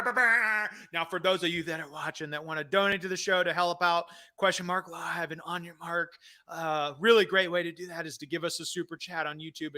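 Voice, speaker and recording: A man's voice: fairly high pitch, sharp tone. A man hosting a comedy wrestling talk show, rambling casually through viewer questions with self-deprecating asides.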